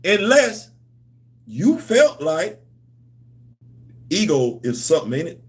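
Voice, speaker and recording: A man's voice: fairly high pitch, huge pitch swings, slow pace. A man hosting a comics and culture channel, talking in a loose, playful, repetitive way with slang. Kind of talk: casual livestream chat.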